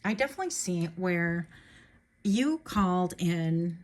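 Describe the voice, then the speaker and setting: A woman doing a casual tarot reading in a chatty, rambling way, laughing easily and getting emotional. Her voice sits a little low for a woman. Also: expressive, a little slow. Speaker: tarot reader.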